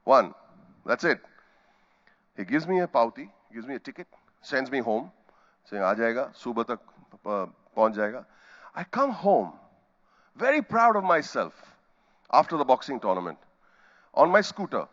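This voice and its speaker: A man's voice: mid-range voice, big pitch swings, normal speed, long pauses, fairly bright tone, lo-fi sound. A middle-aged man with an Indian accent giving a storytelling keynote, acting out scenes with sound effects and quoted voices. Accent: Indian English. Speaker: keynote speaker. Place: conference hall stage.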